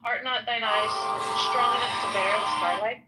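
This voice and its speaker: A woman slowly reading an old ritual text aloud in a solemn way, stumbling now and then over hard names. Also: on the high side, fairly even intonation, over loud music, low-quality recording.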